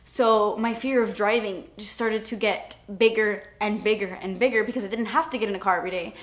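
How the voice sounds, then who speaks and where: In a laid-back confessional to camera, a young woman who does beauty vlogs speaks fairly quickly in a mid-range voice with fairly even intonation. She's open and emotional, sometimes almost in tears.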